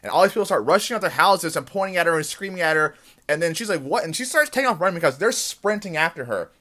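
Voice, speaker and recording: A man hosting a TV after-show, giving a casual, excited recap of an episode and acting out the characters' lines as he goes. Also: fairly high pitch, fast.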